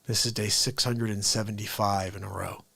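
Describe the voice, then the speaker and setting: A man hosting a live stream, chatting upbeat and greeting viewers by name, sometimes dropping to soft, low asides. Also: steady tone, normal speed, creaky, husky, no echo. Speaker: livestream host. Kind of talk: casual live-stream chat.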